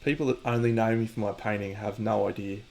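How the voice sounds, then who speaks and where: Laid-back Australian man, low voice. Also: steady tone, fast talker, creaky, darkish tone. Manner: laid-back, joking, mock-boastful, swears casually. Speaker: streamer painting miniatures. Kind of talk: casual live-stream chat to viewers.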